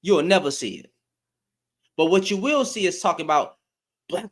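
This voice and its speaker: A man's voice: sits high, animated, moderate pace, pauses often, fairly bright tone. A man hosting a live stream, giving heated commentary in an exasperated tone, repeating himself for emphasis and swearing.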